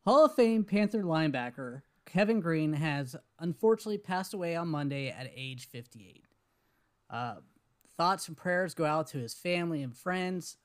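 A man's voice: fairly high pitch, lively intonation, moderate pace. A man co-hosting a casual sports podcast, talking in a conversational, slightly hesitant way. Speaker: podcast co-host.

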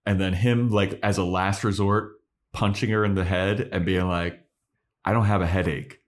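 A man co-hosting a podcast, retelling a show's scenes in casual chat and acting out the characters' lines with quick put-on quotes and plenty of swearing. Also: sits low, steady tone. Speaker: podcast co-host.

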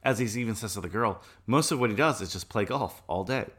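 A man with a notably low voice talks through a film on a podcast. He is relaxed and analytical, with frequent chuckles. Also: fast talker, breathy edge. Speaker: podcast co-host. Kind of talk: casual film discussion.

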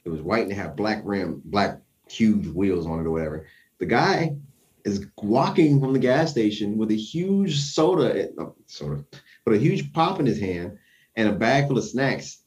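A man casually telling a tense personal story, acting out his own quotes with lively shifts. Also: lowish voice, normal speed, distant mic.

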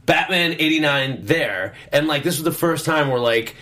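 A man's voice: a little high, expressive, bright, forceful tone. Rambling man hosting a panel chat. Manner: rambling, quick asides. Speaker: show host.

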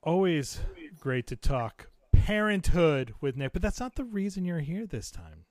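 Man hosting a podcast, animated voice, jokey and quick to laugh, dry close sound. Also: fairly high pitch, no echo. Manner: jokey, laughs often, lively banter. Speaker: podcast host; teacher. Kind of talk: casual podcast chat.

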